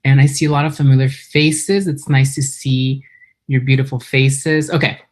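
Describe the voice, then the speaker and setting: Her bass voice has a darkish tone and fairly even intonation, and she talks at a normal speed. She's a San Diego, California woman sharing her recovery story at a meeting over a video call, using her computer's microphone. She comes across as earnest, emotional, and slightly nervous.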